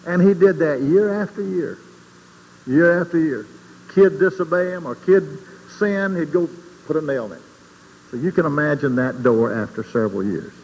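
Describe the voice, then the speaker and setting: A man giving an informal sermon in a folksy, conversational way, asking the audience questions and swinging between quiet asides and loud emphasis. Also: fairly high pitch. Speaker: speaker giving a Christian testimony. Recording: long hall reverb, faint background noise.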